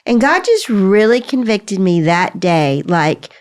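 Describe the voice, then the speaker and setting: A middle-aged woman, hosting a podcast and telling a story in a candid, conversational way. She is animated, laughs often and acts out bits of dialogue. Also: medium pitch, takes it slowly. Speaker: podcast host.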